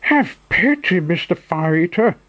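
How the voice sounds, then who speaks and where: Pinocchio, a man doing a high-voiced wooden puppet boy. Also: sing-song, a little slow, fairly bright tone, exaggerated voice. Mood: pleading. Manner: pleading, high strained voice. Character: small wooden puppet boy, earnest and pleading.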